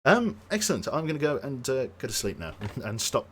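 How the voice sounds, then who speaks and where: A medium-pitched man from Birmingham speaks briskly with lively intonation and a Brummie accent, with background noise in the recording. Signing off his game stream, he chats casually, rambling, breaking into his own sentences and chuckling often, his voice tired and strained near its limit.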